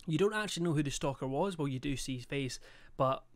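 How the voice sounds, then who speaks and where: A young man hosts a game live stream in a loose, chatty way. His voice sits a bit high for a man. He swears freely and reads out chat and subscriber messages as he talks. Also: fast. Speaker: livestreamer.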